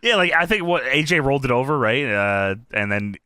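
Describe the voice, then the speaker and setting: A man chatting casually as a podcast co-host, excitable, swearing a lot and laughing often while recapping a match. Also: mid-range voice, brisk, smooth. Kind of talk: casual wrestling commentary chat.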